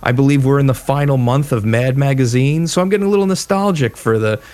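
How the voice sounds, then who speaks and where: A man's voice: mid-range voice, fast, a little mellow, dry recording. A man co-hosting a casual gaming podcast, chatty and nostalgic, rambling through stories. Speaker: podcast co-host. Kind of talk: casual chat.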